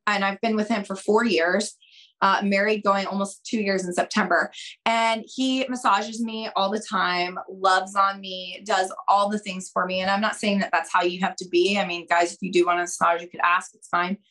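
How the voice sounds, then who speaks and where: A young adult woman on a podcast, giving dating advice in an animated, expressive way and acting out quoted conversations. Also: mid-range voice, normal speed. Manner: expressive, acts out quoted dialogue, addresses listeners as girls. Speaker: podcast guest, dating coach.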